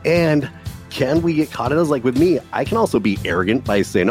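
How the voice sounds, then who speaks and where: A man's voice: medium pitch, fast, soft background music. A man telling his life story in a casual, earnest way, often calling his listener "dude.". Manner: earnest, animated, says "dude" a lot. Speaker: guest telling his testimony.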